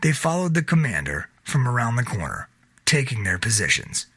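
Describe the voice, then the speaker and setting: Husky bright-voiced male storyteller. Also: medium pitch, normal speed, dry recording. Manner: steady storytelling read. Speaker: narrator. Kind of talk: reading a self-published novel aloud.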